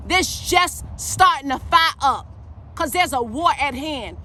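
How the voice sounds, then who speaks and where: A woman preaches with force and urgency, her voice very high and piercingly bright. She speaks emphatically and calls her listeners baby. A faint hum of vehicle noise sits underneath. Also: lively intonation, slow. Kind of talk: fiery preaching monologue.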